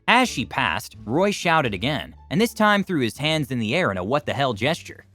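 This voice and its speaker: Male narrator, animated storyteller with lively pitch; faint music bed. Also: moderate pace. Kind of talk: scripted narration of online stories.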